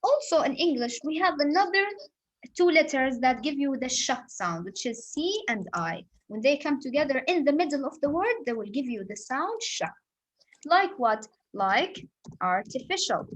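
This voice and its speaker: A woman's voice: high voice, very animated, normal speed, rough recording. Patient woman teaching English sounds. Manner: patient, repetitive explaining with examples. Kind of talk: phonics lesson.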